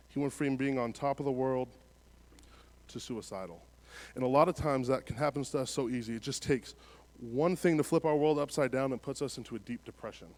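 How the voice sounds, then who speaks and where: A man preaching in a church. He reads scripture aloud, then talks it through casually, swinging between soft passages and louder emphatic ones. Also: medium pitch. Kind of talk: sermon.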